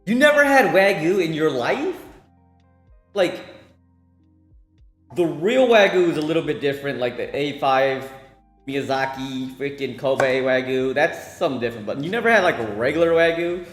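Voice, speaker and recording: Male streamer, slightly high voice, casual rambling chat while cooking; roomy echo, faint music behind. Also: moderate pace, fairly bright tone. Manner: rambling, repeats words, talks to chat between cooking.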